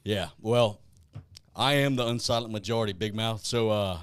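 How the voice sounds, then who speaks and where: Man, podcast host, blunt, profane, animated, lowish voice, dry sound. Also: moderate pace, smooth, no echo. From South Louisiana. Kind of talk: casual podcast chat.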